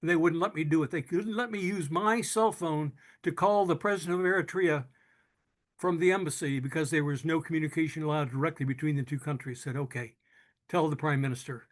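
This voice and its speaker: An older man tells his story in an earnest, unhurried way. His voice sits a little high for a man, and he often stops to restart a phrase. He gets moved as he goes on. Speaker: speaker telling his own story. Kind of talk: personal storytelling talk.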